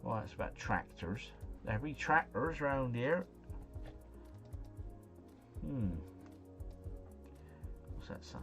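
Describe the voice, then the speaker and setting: A man giving live gameplay commentary, chatty and excitable as he talks to his viewers. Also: medium pitch, takes it slowly, pauses often, soft background music. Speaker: gaming livestreamer.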